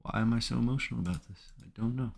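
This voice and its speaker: A man's voice: mid-range voice, racing, gravelly, darkish tone. A man giving live commentary on his own trades, talking to himself in an anxious, emotional way. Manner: anxious, emotional self-talk. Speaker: day trader streaming his trading.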